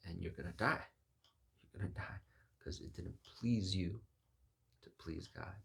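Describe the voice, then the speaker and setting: A low-voiced man preaches a sermon with a gravelly, husky tone. He slips into lively voices to act out the Bible figures he talks about. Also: a little slow.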